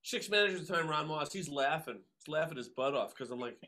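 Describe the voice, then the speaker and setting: A man, a drummer telling stories as a guest, animated and acting out the voices of people he quotes. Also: a little high, quick pace. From Long Island, New York. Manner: animated, acts out quoted voices, many fillers. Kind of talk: casual storytelling interview.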